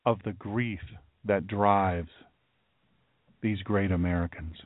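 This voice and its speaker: A man's voice: low voice, fairly even intonation, slow pace, dry recording. A man hosting a talk radio show, speaking in a solemn, emphatic way and repeating phrases for weight. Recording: dry, narrow phone-like sound.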